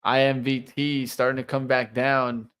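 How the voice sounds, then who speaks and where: A man's voice: medium pitch, little pitch movement, measured pace, fairly bright tone, smooth. A man co-hosting a live trading show, giving running play-by-play of price moves and his trades. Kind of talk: live market commentary.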